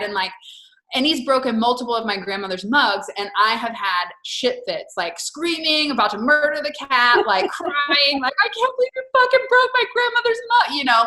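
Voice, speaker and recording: A woman hosting a podcast, talking in an open, rambling way. She fills her stories with "like" and drops the odd swear word. Her voice is bright and carries an echo from the room. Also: on the high side. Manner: candid storytelling with swearing and filler "like". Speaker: podcast host. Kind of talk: casual chat.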